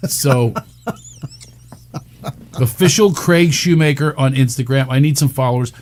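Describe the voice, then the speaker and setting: A male comedian from the Philadelphia area, talking as a guest on a radio chat show. He riffs with rapid one-liners and tells stories animatedly, his voice sitting at a middle pitch. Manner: rapid jokey riffing, animated storytelling. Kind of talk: casual talk radio chat.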